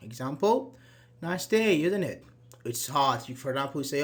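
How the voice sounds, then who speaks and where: A man's voice: fairly high pitch, animated, normal speed. Man teaching a grammar class. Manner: explains patiently, acts out example sentences, many "uh-huh"s. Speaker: English teacher.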